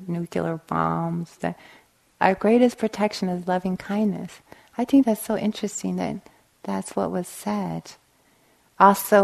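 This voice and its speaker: A woman meditation teacher giving a gentle dharma talk, telling stories and often checking in with "right?". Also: mid-range voice, vocal fry. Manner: gentle, storytelling, frequent "right?". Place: meditation hall.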